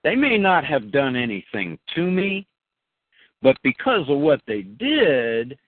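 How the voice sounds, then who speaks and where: A man's voice: a little high, very animated, slow, no echo. A man hosting a talk show, commenting emphatically and speaking straight to the listeners. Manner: emphatic, addresses listeners as folks. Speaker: host. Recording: dry, phone-like line.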